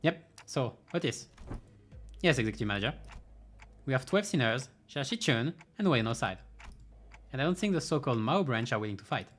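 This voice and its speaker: A man's voice: mid-range voice, very animated, brisk, pauses often, fairly bright tone, soft background music. A man playing through a game's story, reading the dialogue aloud and breaking off for dry, sarcastic asides. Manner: dry, sarcastic asides between read lines. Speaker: game streamer.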